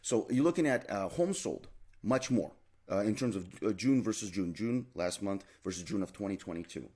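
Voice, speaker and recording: A man's voice: fairly low pitch, expressive, normal speed, darkish tone, slightly rough. A man giving a real estate market update as a realtor, emphatic and repeating his key points, with frequent fillers. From Canada.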